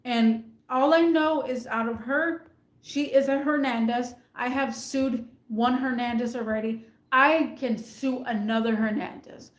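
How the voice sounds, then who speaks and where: A woman's voice: fairly high pitch, fairly even intonation, unhurried, reverberant. A woman venting in a casual rant to camera, emphatic and indignant, hammering her points by repeating them. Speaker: retail worker venting about managers.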